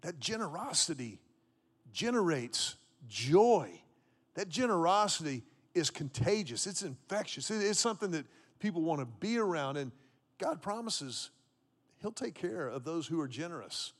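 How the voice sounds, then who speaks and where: A man's voice: a little high, big pitch swings, moderate pace, breathy edge. Storytelling preacher in his fifties. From Texas. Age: 50s. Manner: storytelling preacher, repeats key phrases for emphasis. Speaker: pastor. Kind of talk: sermon. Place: church auditorium with congregation.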